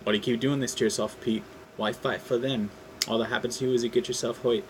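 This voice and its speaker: A man's voice: mid-range voice, very animated, quick pace, a bit bright. A taunting older male villain speaking in a put-on accent, mocking and smug, as a man plays him during a read-aloud. Faint noise sits behind the voice.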